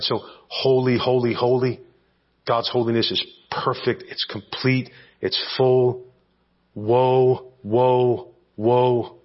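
Husky preacher with dull lo-fi sound. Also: male voice, lowish voice. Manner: teacherly, asks rhetorical "right?" checks. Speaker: pastor. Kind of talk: expository sermon.

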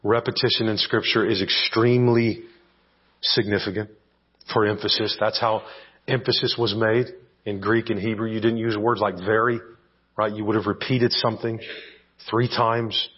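A man's voice: on the low side, level tone, moderate pace, breathy edge. Pastor guy walking thru scripture, keeps going "right?", muffled lo-fi church recording. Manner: teacherly, asks rhetorical "right?" checks. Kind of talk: expository sermon.

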